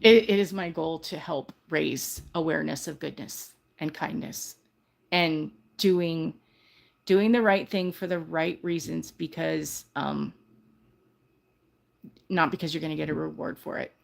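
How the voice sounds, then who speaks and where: This older woman's gravelly voice sits low and takes its time. As host of a casual livestream, she speaks with heartfelt sincerity, rambling and often restarting sentences to correct herself.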